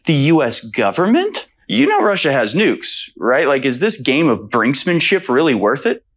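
A man's voice: fairly high pitch, huge pitch swings, normal speed, a bit bright, slightly rough. A man performing a satirical comedy sketch, trading sarcastic, mock-innocent lines. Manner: sarcastic, mock-innocent back-and-forth banter.

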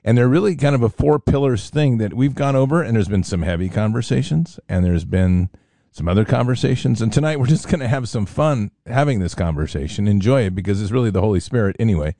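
A man's voice: fairly low pitch, fast talker, dark tone, no echo. A man hosting a faith talk show, addressing his audience and affirming his guest. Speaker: host.

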